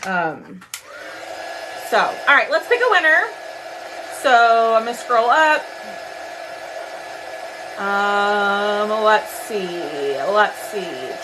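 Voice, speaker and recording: Against a noisy background, a woman speaks very slowly with long pauses in an expressive, mid-range voice. She's a thirty-something from Texas with a twang, hosting a chatty craft livestream, laughing often while greeting viewers and reading their comments.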